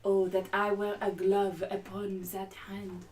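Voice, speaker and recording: A woman's voice: mid-range voice, little pitch movement, a little slow, background noise, natural voice. Romeo, a woman doing a French-accented lovesick youth. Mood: yearning. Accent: put-on French. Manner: theatrical recitation of verse. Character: young male lover Romeo, ardent and poetic. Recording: voice far from the mic.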